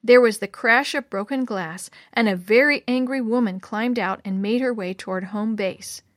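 A woman narrating a storybook in a measured, expressive way. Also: a little high, dry recording, studio quality. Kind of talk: storybook reading.

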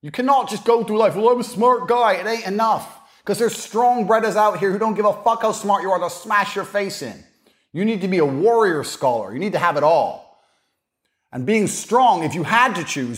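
Brash man for a podcast rant, fairly high and very expressive, swaggering and crude. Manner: swaggering, mocking, profane. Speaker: podcast speaker. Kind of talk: boastful monologue.

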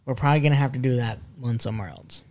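A man's voice: mid-range voice, racing, darkish tone. A man hosting a casual podcast chat with friends, rambling with fillers and laughing often. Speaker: podcast host. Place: basement room.

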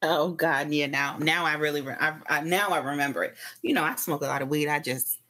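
A woman's voice: sits low, brisk, bright, forceful tone. A woman co-hosting a podcast in casual chat, blunt and wisecracking. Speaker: podcast co-host.

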